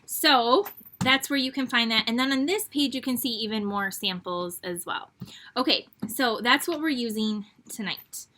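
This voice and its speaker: A woman's voice: a little high, moderate pace, pushed and bright, a little hiss or hum. A middle-aged woman hosting an online card-making class, chatty and rambling with frequent ums. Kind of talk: casual crafting tutorial.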